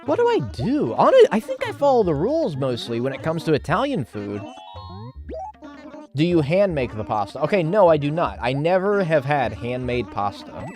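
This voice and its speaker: Animated, swearing game streamer man. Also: on the high side, normal speed, soft background music. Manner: reads chat aloud and riffs with casual swearing. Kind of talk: casual livestream chat reading.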